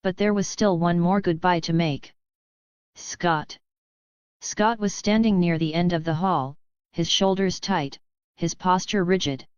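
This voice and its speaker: A woman narrating an audiobook in an even, measured way. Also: lowish voice, clear, resonant tone, no room sound. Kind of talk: scripted narration. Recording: dull, dry sound.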